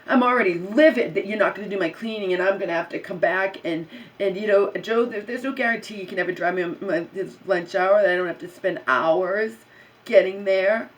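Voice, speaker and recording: A woman's voice: medium pitch, brisk, recorded from a distance, rough recording. A woman vlogger in an angry personal rant about a bad day, agitated, swearing and repeating herself.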